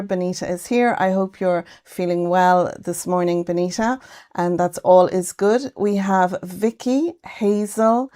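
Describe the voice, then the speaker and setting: A woman's voice: medium pitch, darkish tone. An Irish woman hosting a casual craft livestream from her home craft room, chatting and greeting viewers by name. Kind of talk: casual live-stream chat.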